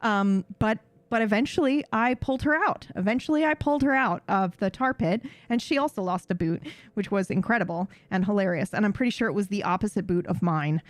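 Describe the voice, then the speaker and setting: A young woman telling a story in a casual, animated way, swearing and acting out voices. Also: brisk, no room sound. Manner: animated, swearing, acts out voices with high yelps. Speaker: streamer.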